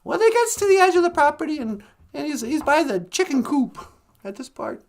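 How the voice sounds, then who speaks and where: A woman telling a folk tale in a casual, animated way, laughing often. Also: high-pitched, fairly quick. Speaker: storyteller. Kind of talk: casual storytelling.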